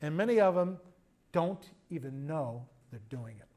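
A man, a pastor telling a story in a conversational sermon, moving between loud emphasis and quiet asides. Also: on the high side, lively intonation, normal speed. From United States.

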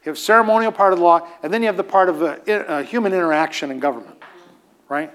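A male preacher with a fairly high voice teaches in a loose, conversational sermon style. He hammers points home by repeating key phrases and drops casual asides as he goes. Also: fast talker, fairly bright tone, clean tone. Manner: emphatic, repeats phrases for stress.

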